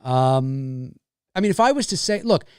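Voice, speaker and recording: A man's voice: mid-range voice, normal speed, clear, resonant tone, no room sound. Man, Canadian accent, live-stream host, casual rambling chat, dry close sound. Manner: rambling, animated, swears freely.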